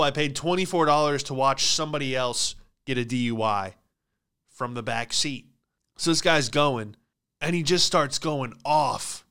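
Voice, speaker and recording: Smooth-voiced man telling comic stories. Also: medium pitch. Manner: animated storytelling with put-on voices for quoted people. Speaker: comedian podcast host. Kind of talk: casual comedic monologue.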